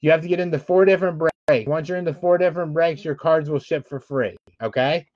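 A man's voice: on the high side, steady tone, fairly quick. A man hosting a live-streamed card break, calling out player names as he opens packs and explaining the shipping rules to viewers, admitting he is frustrated. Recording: dull lo-fi dry sound.

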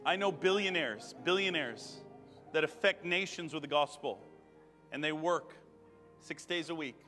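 A man in his thirties preaching a charismatic sermon and praying over people, fervent, repeating phrases and rising to shouts. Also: a little high, measured pace. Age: 30s. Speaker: guest preacher. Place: church sanctuary. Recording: long church hall reverb with music.

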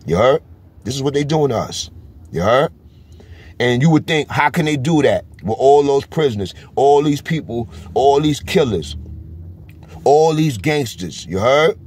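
A man's voice: mid-range voice, animated, measured pace, a little mellow, slightly rough. A man with a New York accent, talking straight to camera in a casual vlog and driving each point home with a constant "you heard?". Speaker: vlogger. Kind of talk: casual street commentary.

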